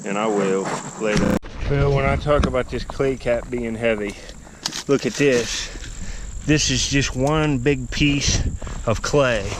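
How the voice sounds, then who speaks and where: A man narrating a casual outdoor vlog in a relaxed, rambling, folksy way, filmed on a handheld camera by a river and an old dump. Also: mid-range voice. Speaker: vlogger. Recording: faint outdoor noise with insects.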